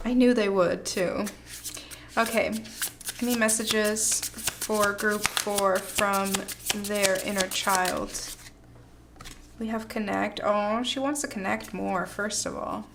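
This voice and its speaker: A woman's voice: medium pitch, fairly even intonation, slow pace, background noise. A woman doing a pick-a-card tarot reading, gushing and hyping the viewer up with slangy, effusive talk and frequent laughs. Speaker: tarot reader.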